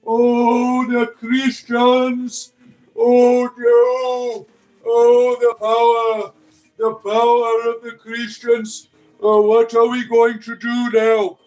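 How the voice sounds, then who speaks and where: A man voicing a panicking mock demon that cowers from prayer, wailing in a whiny, drawn-out way. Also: very high voice, completely flat delivery, a little mellow, faint music behind, pitched above the performer's own voice, full character voice, rough recording. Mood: mock panic.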